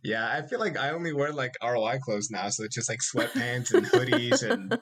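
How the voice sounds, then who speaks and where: Young man, podcast co-host, casual rambling talk, average pitch, filler-heavy. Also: fast talker. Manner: relaxed, rambling with frequent fillers and laughs. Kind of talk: casual chat.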